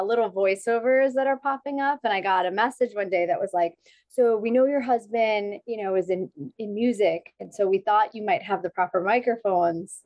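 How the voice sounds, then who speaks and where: A woman's voice: medium pitch, dry recording. A woman in her thirties telling stories in casual chat as a podcast guest, laughing often. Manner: chatty storyteller, laughs often.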